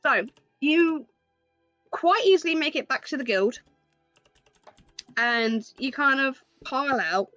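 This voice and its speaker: A woman's voice: sits high, slow, pauses often, fairly bright tone, no echo, highs cut off, faint music behind. A woman narrating as game master of a tabletop game, in a descriptive storytelling manner over a call mic.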